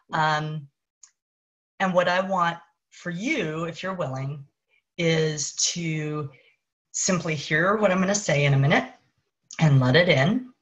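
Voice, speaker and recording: A woman speaking as a parenting coach on a live stream, earnest and encouraging, slowing to soothing affirmations. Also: low voice, a bit bright, dull audio. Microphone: webcam or phone for a live stream.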